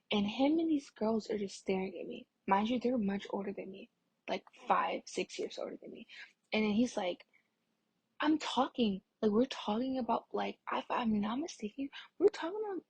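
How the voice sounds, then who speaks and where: A woman's voice: medium pitch, moderate pace, a little mellow, dry recording. A young adult woman telling a rambling storytime on her vlog, full of "like" fillers, sometimes dropping to a whisper. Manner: rambling, filler-heavy, lots of "like"; drops into a breathy whisper at times. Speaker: vlogger. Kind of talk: casual storytime.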